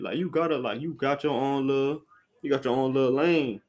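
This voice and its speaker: A man's voice: mid-range voice, a little fast. A man hosting a podcast, ranting casually about what he hates, rambling and repeating himself with blunt, profane slang. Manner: restarts sentences often, with lots of "like" fillers. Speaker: podcast host. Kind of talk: casual solo rant.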